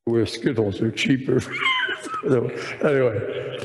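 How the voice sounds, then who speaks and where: A man's voice: medium pitch, normal speed, noisy background. Man preaching in a reverberant hall. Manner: animated storytelling with many restarts. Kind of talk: sermon. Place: large room with audience.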